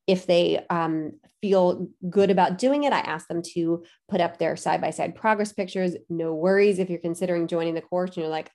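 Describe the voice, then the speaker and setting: A woman coach in her forties talks through her advice in an earnest, lively way, and she keeps asking her listeners rhetorical questions. Her voice sits a little low for a woman. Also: a little fast, few pauses. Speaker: fitness coach. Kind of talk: podcast-style coaching talk.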